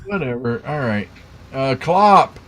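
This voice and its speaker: A man's voice: medium pitch, expressive, a bit bright, a little hiss or hum. A man hosting a casual live podcast trivia game, joking and laughing as he goes. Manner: joking, laughing, drawn-out delivery. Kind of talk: casual live-stream banter.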